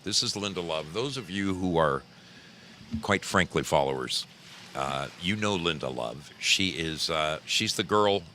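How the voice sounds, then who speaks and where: A low-voiced man hosts a casual livestream, greeting his viewers one by one in a folksy, chatty way. His tone is bright and forceful despite the deep pitch. A faint hiss sits under his voice. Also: animated, unhurried. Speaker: livestream host.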